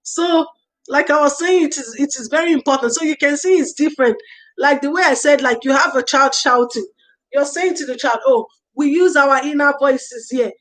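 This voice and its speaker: High-voiced woman hosting a livestream. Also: a little fast, low-quality recording. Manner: reads out viewer comments and thanks viewers warmly by name; earnest advice-giving with repeated phrases. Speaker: livestream host. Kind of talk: casual livestream talk on early years parenting.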